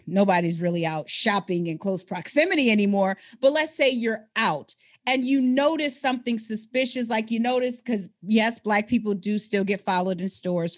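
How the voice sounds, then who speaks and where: A woman co-hosting a podcast, telling a personal story in an animated, conversational way. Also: medium pitch. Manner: animated, acts out quoted people in her stories. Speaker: podcast co-host.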